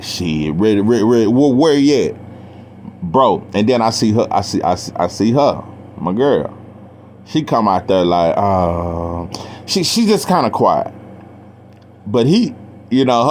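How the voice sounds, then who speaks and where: A man's voice: medium pitch, slight background noise. A young man casually telling a profane story, acting out the quotes in a raised voice. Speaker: storyteller guest.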